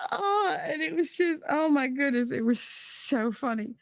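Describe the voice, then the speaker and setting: High-voiced woman laughing through a story. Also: animated, a little slow, few pauses, no room sound, clean studio sound. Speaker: livestream host. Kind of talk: casual storytelling chat. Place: room at home.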